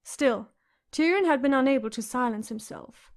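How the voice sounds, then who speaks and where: A woman narrating an audiobook in a measured, expressive way. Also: high voice, gravelly.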